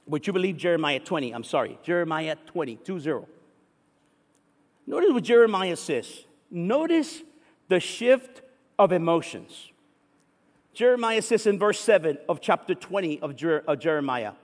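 A man's voice: fairly high pitch, expressive, normal speed. A man preaching a sermon, telling a story and reading scripture aloud with rising fervor. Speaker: pastor. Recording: echoey hall with long reverb.

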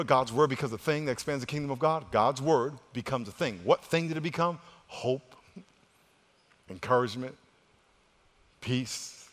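A male pastor preaching a sermon. He leads the congregation in call-and-response, repeats words as he restarts, and moves between loud exhortation and hushed, quiet delivery. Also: mid-range voice, normal speed, long pauses. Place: church sanctuary with congregation. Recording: long reverb of a large church hall.

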